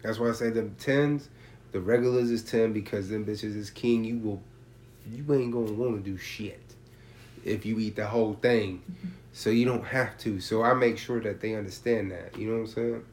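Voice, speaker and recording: A man's voice: lowish voice, moderate pace, slight background noise. Slangy, profane man talking casually. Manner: slangy, profane, streetwise talk; animated storytelling with acted-out quotes. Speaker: seller explaining prices. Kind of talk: casual chat.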